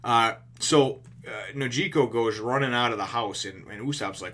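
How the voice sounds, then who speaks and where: A man's voice: medium pitch, moderate pace, a bit bright. A man casually talking through a comic chapter for his channel, rambling with lots of fillers and restarts and swearing freely. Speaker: video reviewer. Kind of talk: casual chat.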